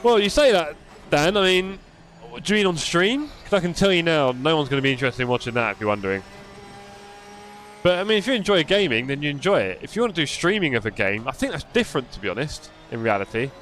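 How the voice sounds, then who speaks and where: A man's voice: a little high, sing-song, fast, fairly bright tone, soft background music. A young man live-streaming a racing game, chatting casually and answering his viewers by name with self-deprecating humor.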